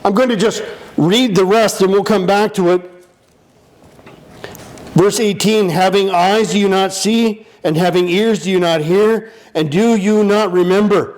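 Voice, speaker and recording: A male pastor preaching a lively sermon, playful and animated, acting out the disciples in funny voices. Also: high-pitched, a little slow.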